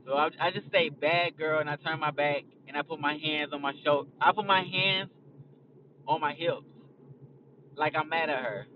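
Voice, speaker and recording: A man's voice: on the high side, steady tone, normal speed, recorded from a distance, muffled recording, noisy background. A young man talking casually as a podcast host, blunt and profane, rambling from a moving car. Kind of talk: casual chat. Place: in a car on a highway.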